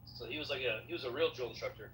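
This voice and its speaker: A man with a bright, sharp voice talks fast in a casual podcast, sharing trivia and asking questions. A faint hum sits behind him. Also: medium pitch, poor audio. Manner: chatty, full of trivia and questions.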